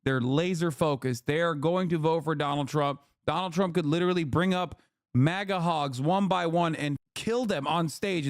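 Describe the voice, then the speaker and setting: A man giving casual political commentary as a streamer, animated and profane, often tagging his points with "okay?". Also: a little high, moderate pace, dry recording, studio quality. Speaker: streamer reacting to news.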